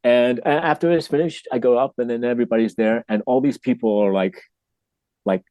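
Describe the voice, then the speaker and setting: A man telling an earnest, emotional story as a podcast guest, sometimes dropping soft and low. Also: fairly quick, no echo. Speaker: podcast guest, actor and workshop teacher. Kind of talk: casual storytelling.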